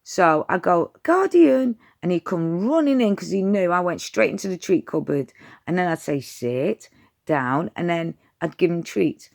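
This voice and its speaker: A woman's voice: lowish voice, normal speed, creaky, darkish tone. A woman, giving dog training advice in a chatty, direct vlog style. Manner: chatty, direct, addresses viewers as "you lot".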